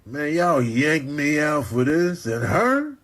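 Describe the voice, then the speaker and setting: A man's voice: a little high, big pitch swings, slow, a bit bright, heavily acted. A man voicing a grumpy newborn baby boy who wants to go back into the womb, drawling complaints in slang. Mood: grumbling. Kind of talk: comedy clip voice-over.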